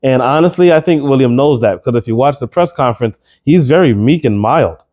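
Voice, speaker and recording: A man's voice: medium pitch, expressive, fairly quick, a little mellow. A man giving his opinion straight to the camera, emphatic and incredulous, firing off rhetorical questions and repeating words as he gets worked up. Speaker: commentary vlogger.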